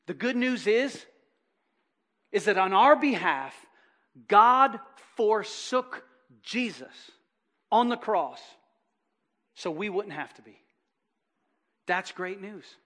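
A male pastor delivers an impassioned sermon, pressing his points with rhetorical questions. His voice sits high and rings bright and forceful. He swings between loud urgency and hushed, earnest passages. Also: animated, slow, pauses often. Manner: fervent preaching with rhetorical questions.

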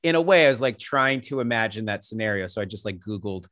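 A man talking as an interview guest in a casual podcast conversation, telling rambling anecdotes full of tangents, laughing as he goes and acting out other people's lines in a higher voice. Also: expressive, quick pace, fairly bright tone. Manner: rambling storyteller who drifts into tangents; acts out quoted people with jumps in pitch.

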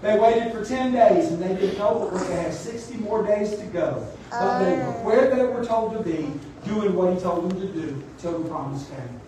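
In an echoey church sanctuary picked up by a distant mic, a man with a high voice preaches at normal speed. As pastor, he exhorts his congregation with emphasis, and crowd noise is audible.

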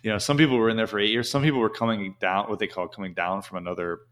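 A man's voice: on the low side, steady tone, very fast, a bit bright. A man telling a casual, rambling story as an interview guest, with many "you know" fillers.

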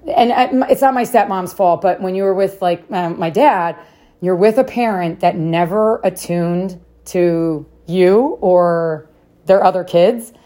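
A woman's voice: medium pitch, warm tone. A woman in her thirties telling a story casually to camera, laughing often and acting out the voices of the people she quotes. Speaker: parenting vlogger.

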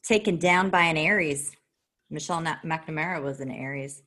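A chatty woman with a notably low voice co-hosts a loose, casual talk show. She giggles often, swears freely and breaks into sudden bursts of excitement. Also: moderate pace. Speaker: podcast co-host. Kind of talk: casual chat.

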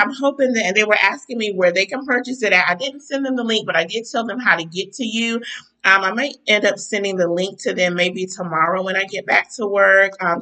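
Bright-voiced chatty woman host, a bit stuffy. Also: medium pitch, rough recording. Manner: chatty, warm-spoken with frequent um and y'all. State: stuffy nose. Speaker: podcast host. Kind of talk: casual livestream chat.

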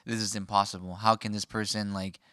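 A young man in casual podcast chat, animated and rambling as he thinks aloud. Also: lowish voice, fairly quick, no echo, studio quality.

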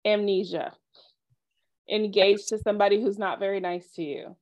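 A woman co-hosting a casual podcast chat, animated, acting out quotes and laughing often. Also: medium pitch, moderate pace. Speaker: podcast co-host.

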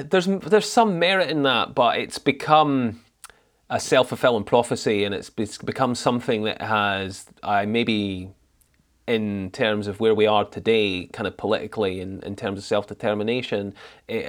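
A man chatting as a podcast guest, animated and quick to act out voices and laugh. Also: lowish voice. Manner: animated, mimics voices in anecdotes, laughs a lot. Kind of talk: casual podcast chat.

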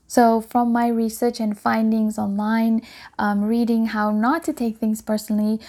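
Gravelly-voiced middle-aged woman giving advice. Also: medium pitch. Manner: calm, earnest advice with frequent ums and restarts. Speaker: podcast host. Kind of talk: solo parenting advice podcast.

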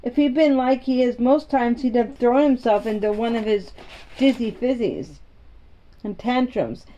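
A woman's voice: on the high side, measured pace, dark tone, muffled recording, lightly acted. Woman doing a fretful housemaid girl. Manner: dialect speech, fretful exclamations. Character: anxious young housemaid girl, fretful and excitable. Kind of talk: storybook reading.

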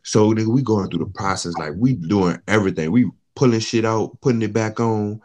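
A man's voice: fairly low pitch, brisk, darkish tone. A man telling a long, profane story in casual chat, acting out the quotes of the people in it.

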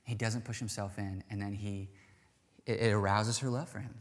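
Animated man preaching in a reverberant hall. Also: fairly low pitch, moderate pace. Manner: animated, chatty, acts out quoted lines. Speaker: pastor. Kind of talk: sermon.

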